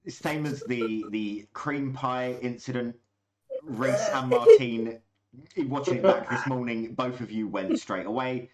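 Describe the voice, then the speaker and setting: A man's voice: medium pitch, wildly swooping pitch, unhurried, a loud crowd. A British man talking casually as a dungeon master, reflective and chatty. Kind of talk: casual chat.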